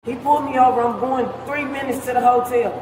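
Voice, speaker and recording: A detained driver, a woman held by police, is furious and cursing as she hurls threats at the officers in a heated confrontation at a police stop and in a hospital room. Her voice is high and a little mellow, fast, with fairly even intonation. The recording has an echoey room with long reverb and faint noise.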